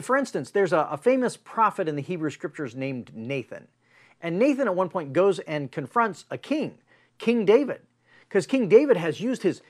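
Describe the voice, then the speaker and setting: Male pastor preaching, animated storyteller, higher-pitched voice. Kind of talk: sermon.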